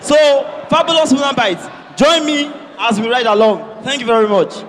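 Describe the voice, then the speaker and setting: Young man, campaign speech, high voice, rousing, hall reverb, faint crowd. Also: moderate pace, shouting, noisy background. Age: young adult. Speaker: student election candidate. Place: large hall with a student crowd.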